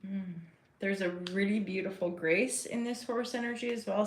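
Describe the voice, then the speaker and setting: A woman's voice: medium pitch, moderate pace. A woman giving a casual live tarot reading, rambling and chatty as she talks to her viewers. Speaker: tarot reader and host. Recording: roomy echo.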